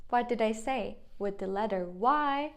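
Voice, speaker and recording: A young woman with a Turkish accent teaching a beginner language lesson, saying each word slowly and repeating it twice. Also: fairly high pitch.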